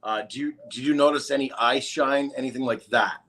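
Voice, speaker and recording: A man interviewing a guest in a casual podcast, asking soft-spoken, measured questions. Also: mid-range voice, fairly even intonation.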